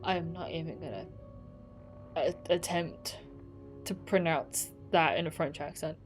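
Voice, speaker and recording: A woman's voice: low-pitched, unhurried, long pauses, faint music behind. A woman streamer giving casual commentary as she plays a game, chatty and reactive, laughing often. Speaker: gaming streamer. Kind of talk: casual let's play commentary.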